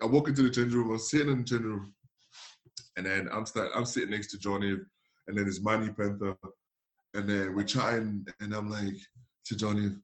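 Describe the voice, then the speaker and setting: A man, a former footballer, casually telling an anecdote and acting out the dialogue with laughs. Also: lowish voice. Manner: animated, acts out dialogue with laughs.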